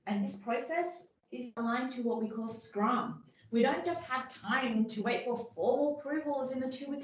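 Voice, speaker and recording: Woman doing a firm, defensive agile team lead, amateur role-play, high-ish voice, very echoey room, far from the mic. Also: darkish tone, close to an everyday voice. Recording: very echoey, distant mic, dull lo-fi sound.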